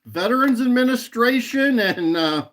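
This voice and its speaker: A very high-pitched man's voice, expressive and unhurried, with a fairly bright tone. He hosts a casual livestream, rambling in chat with viewers while laughing often and repeating a catchphrase.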